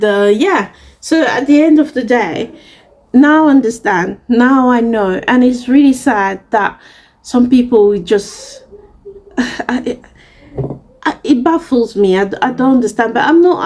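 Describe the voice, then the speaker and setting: Young african woman ranting on her vlog, high voice, really passionate and fed up. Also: darkish tone. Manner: passionate, indignant, emphatic. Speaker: vlogger. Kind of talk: casual storytelling rant to camera.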